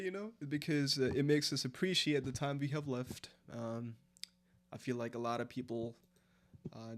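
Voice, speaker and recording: A man, chatting casually and rambling through a late-night live stream, answering chat as he goes. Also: medium pitch. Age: 20s. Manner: rambling, filler-heavy, answers chat aloud.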